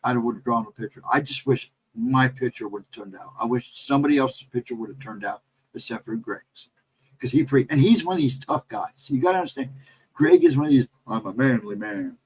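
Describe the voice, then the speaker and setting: A middle-aged American man hosting a casual livestream, telling a story in a rambling, animated way and reading out chat messages. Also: medium pitch, fairly quick, breathy edge, low-quality recording. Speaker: livestream host.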